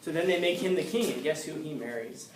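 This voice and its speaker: A man's voice: on the high side, lively intonation, fast talker, slight background noise. A man teaching a class in a casual lecture, telling a story and acting out its characters, joking with his students. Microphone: distant room mic. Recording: echoey classroom recorded from far off.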